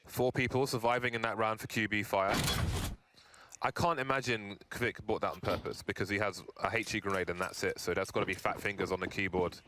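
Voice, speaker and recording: A man doing quick, excitable play-by-play esports commentary in a studio, with dry jokes between calls. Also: on the low side. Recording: noisy broadcast with game sounds.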